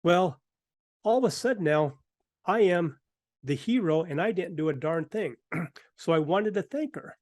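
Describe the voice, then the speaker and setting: A man's voice: high-pitched, a little slow, long pauses, dry recording, studio quality. A middle-aged man hosting a talk show, telling a casual anecdote and acting out what people said. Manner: animated anecdotes with acted-out quotes. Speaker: host. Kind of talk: casual storytelling.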